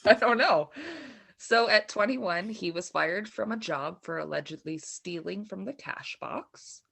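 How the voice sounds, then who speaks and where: Podcast co-host, woman, low gravelly voice, casual storytelling with laughs. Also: unhurried, sharp tone. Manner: laughs often, narrates true crime casually.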